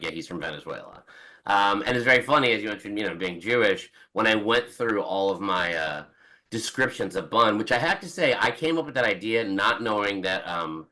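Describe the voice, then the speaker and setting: A man's voice: on the low side, pushed and bright, rough recording. A man in his forties, a book's author, chatting as a guest on a podcast in a rambling way with many restarts and quoted asides. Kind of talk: casual podcast interview.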